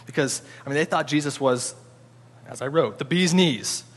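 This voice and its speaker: A man giving a conversational sermon, informal and animated, often restarting his sentences. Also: fairly high pitch, moderate pace, husky. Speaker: preacher. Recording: long hall reverb.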